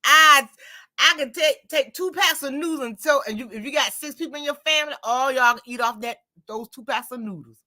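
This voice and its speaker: High-pitched and brisk, a woman hosts a casual conversation where she tells stories. Her retellings are lively and packed with quoted dialogue she performs herself.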